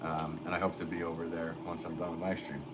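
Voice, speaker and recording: A man's voice: deep voice, completely flat delivery, fast talker. A man from Connecticut, a potter, chatting casually and reading out comments on a live stream. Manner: rambling, easygoing, many fillers. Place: pottery studio. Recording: noisy background.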